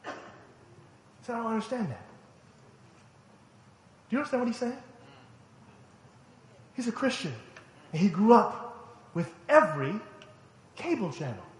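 Telling family stories with emphasis and laughter, a middle-aged pastor gives a storytelling sermon. His high voice is very animated but a little slow, with frequent pauses and a roomy sound.

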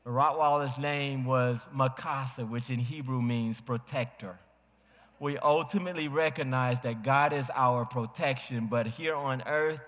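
A man preaching a sermon as a pastor, telling a family story dramatically and acting out voices with big swings in pitch. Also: a bit bright. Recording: long hall reverb.

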